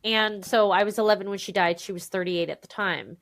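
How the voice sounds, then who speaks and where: A woman in her thirties, a podcast guest telling her own story in an animated, emphatic way, acting out what others said to her. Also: medium pitch, a little fast, vocal fry. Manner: animated, emphatic, quotes people in voices. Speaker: podcast guest, memoir author. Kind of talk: candid conversational storytelling.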